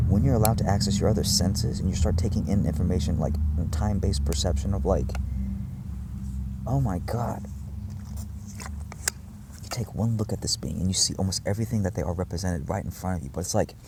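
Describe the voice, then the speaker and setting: A man's voice: low-pitched, gravelly, heavy background noise. A man talking to his viewers in a rambling, intense monologue, swearing often and restarting his sentences. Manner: intense, profane, wandering, many fillers and restarts. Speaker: vlogger addressing his viewers.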